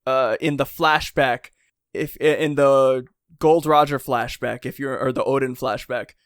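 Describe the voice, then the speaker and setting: A podcast co-host with a clean, medium-pitched voice talks a bit slowly in a casual chat. He wanders, using many fillers and restarts, and voices characters' quotes with energy. The recording is clean studio audio without echo.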